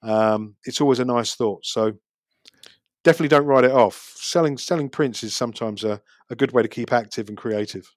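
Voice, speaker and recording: Recorded dry and at studio quality, this podcast guest's medium-pitched voice runs fairly quick. As a street photographer, he talks chattily about his craft and city life, often starting sentences over.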